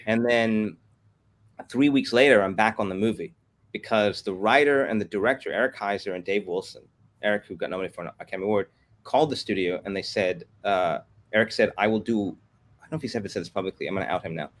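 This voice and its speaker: A man with a lowish voice talks quickly and eagerly in a casual interview. He tells long anecdotes and slips into the voices of the people he quotes. It is relaxed conversation, not a script. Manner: fast, animated anecdotes with acted-out quotes. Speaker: guest, comics company executive.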